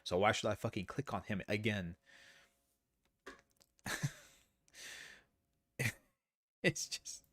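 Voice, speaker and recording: A man's voice: fairly low pitch, lively intonation, slow, long pauses, fairly bright tone, no room sound. Sarcastic man streaming a game. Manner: sarcastic, rambling. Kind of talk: casual gameplay commentary.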